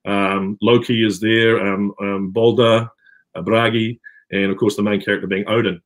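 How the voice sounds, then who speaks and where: A man's voice: lowish voice, flat delivery, moderate pace. A middle-aged man with a New Zealand accent, talking casually on a video call with many fillers and restarts. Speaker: actor guest. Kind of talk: casual interview chat.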